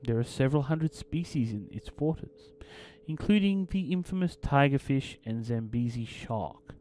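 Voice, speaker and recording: Lively, playful game commentator man. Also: medium pitch, normal speed. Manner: playful, theatrical, reads game text in a storytelling tone. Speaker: gaming channel host. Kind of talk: let's play commentary and reading game text aloud.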